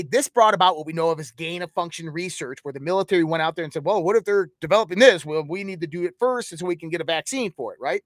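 High-voiced man lecturing emphatically. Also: fairly bright tone, no room sound. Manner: emphatic, lecturing, uses rhetorical questions; rambling, piles up lists. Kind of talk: conspiratorial monologue.

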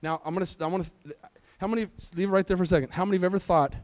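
A man delivers a sermon in a church, his voice sitting high for a man. He presses his congregation with questions and calls for an answering amen. The sound is dry and close, with little room around it. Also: steady tone, very fast, a little mellow, dry recording. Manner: preaching with rhetorical questions and call-and-response. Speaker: pastor. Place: church sanctuary.

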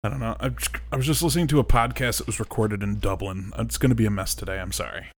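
A podcast co-host chatting casually, joking around and quickly apologizing for bits. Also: medium pitch. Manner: animated, joking, apologetic asides. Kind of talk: casual chat.

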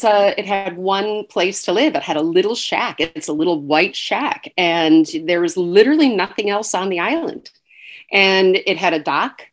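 Woman author, guest storyteller, fairly low voice, acts out voices, laughs often. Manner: animated storyteller who acts out dialogue and laughs between phrases. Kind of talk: casual storytelling interview.

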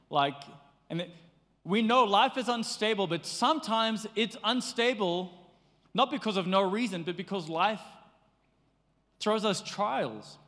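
A man preaching a sermon in a lively, conversational way, slipping into playful acted asides. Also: high voice, measured pace, pauses often, big-room sound. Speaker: pastor.

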